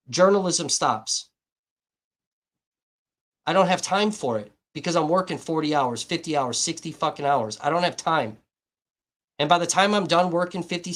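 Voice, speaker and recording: A man hosting a livestream, ranting bluntly and abrasively with heavy swearing. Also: on the high side. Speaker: livestream host. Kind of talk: heated livestream rant.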